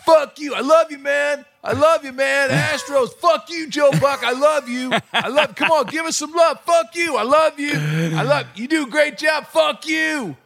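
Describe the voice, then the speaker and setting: Guy doing a drunk baseball heckler, way up high, hollering and cussing. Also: unhurried, gravelly, few pauses, exaggerated voice. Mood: ranting. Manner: yelling, swearing, flip-flopping. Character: rowdy heckling male baseball fan, drunk.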